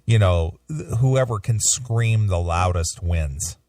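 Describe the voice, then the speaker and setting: A man's voice: sits low, lively intonation, slow pace, a little mellow, no echo, clean studio sound, distant mic. A man hosting a radio show, asking pointed questions in casual talk and stumbling on the first words of his questions. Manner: probing questions, repeats words when starting. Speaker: radio host.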